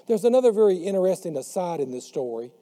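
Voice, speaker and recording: A man preaching a sermon who slows down and drops his voice on the words he wants to stress. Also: high-pitched, sing-song, mellow. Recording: long hall reverb.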